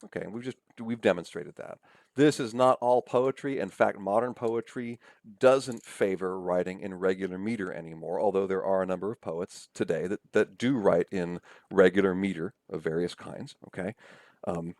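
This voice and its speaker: A man's voice: low voice, moderate pace, darkish tone, no echo. A man lecturing over slides in a conversational way, often checking in with "right?" and "okay?".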